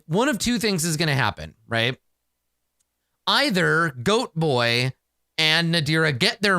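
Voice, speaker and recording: A man narrates his solo tabletop game in a slow, animated voice that swings up and down, cursing at bad rolls as he goes. His tone is bright and a little sharp, and the sound is dry and close to a desk mic. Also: fairly high pitch, clean tone, dry recording. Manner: excitable, swears freely, talks to himself.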